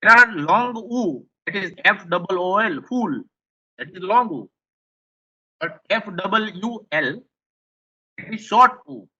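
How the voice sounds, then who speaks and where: Indian english guy teaching a class, high bright voice, keeps repeating himself, kinda muffled lo-fi sound. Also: expressive, unhurried, pauses often. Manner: repetitive, explanatory, rephrases points. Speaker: lecturer. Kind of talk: classroom lecture.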